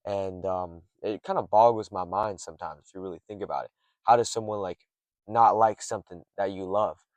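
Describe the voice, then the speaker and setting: A man's voice: low-pitched, fairly quick, a little mellow, dry recording. A young man rambling late at night from a parked car in a garage, swearing often and drifting off topic. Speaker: streamer rambling to camera.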